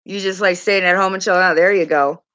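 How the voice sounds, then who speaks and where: Middle-aged woman, makeup streamer, bright voice, casual rambling chatter. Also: on the low side, steady tone, fast talker, clean tone. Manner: chatty, rambling, laughs often, swears casually. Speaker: makeup livestream host. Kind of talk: casual livestream chat reading comments.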